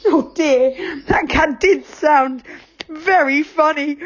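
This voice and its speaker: A woman voicing an excitable, curious young boy in a read-aloud storybook, bright and breathless. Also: high-pitched, slow, dull audio, pitched above the performer's own voice. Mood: giggly.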